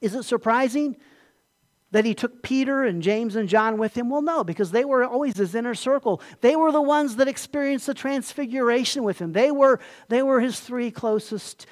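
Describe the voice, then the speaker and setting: A man's voice: very high-pitched, moderate pace. Man preaching an emphatic sermon. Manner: emphatic, asks the congregation questions. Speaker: pastor.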